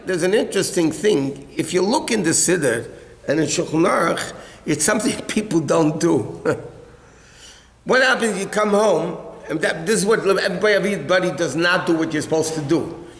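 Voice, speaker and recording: This high-pitched American rabbi speaks at a normal speed while teaching religious law in a halacha class. The tone is conversational and explanatory, he fields questions from the audience, and the hall is echoey.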